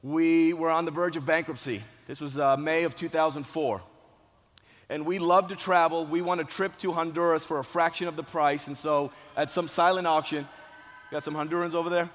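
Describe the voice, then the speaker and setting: A man, once a police officer, telling a personal story as a motivational speech, dramatic and swinging between hushed and loud. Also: a little high. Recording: long hall reverb.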